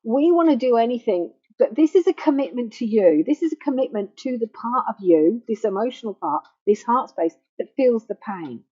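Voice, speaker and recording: Woman grief counsellor, warm low-key tone, soft and unhurried guidance, muffled recording. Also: expressive, husky. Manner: gentle, slow and reassuring, softening to a near hush. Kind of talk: guided self-help talk. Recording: dull lo-fi faulty microphone.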